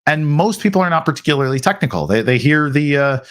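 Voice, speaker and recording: A man's voice: on the high side, lively intonation, fast, a bit bright, clean tone. An American man hosting a live question-and-answer stream, talking casually with frequent restarts and acted-out quotes. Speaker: host answering viewer questions. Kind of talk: live Q&A chat.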